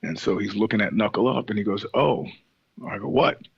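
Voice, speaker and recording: A man's voice: lowish voice, fast talker, gravelly, breathy edge, dry recording, dull audio. A man guest on a podcast, telling stories casually in a profane, digressive way, acting out the other people's lines in his voice. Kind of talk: casual interview storytelling.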